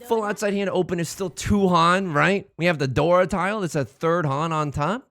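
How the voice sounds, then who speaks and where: A young man giving casual, playful commentary while he plays an online game, with jokey asides and sudden excited jumps. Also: sits high, moderate pace. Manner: drops to a stage whisper at times. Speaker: let's play streamer.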